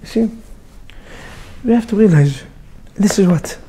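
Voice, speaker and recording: Animated rabbi, a man with a mellow voice. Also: high voice, unhurried, husky. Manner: animated storyteller, joking, with sound effects. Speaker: rabbi teaching a class. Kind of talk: lively sermon to a live group.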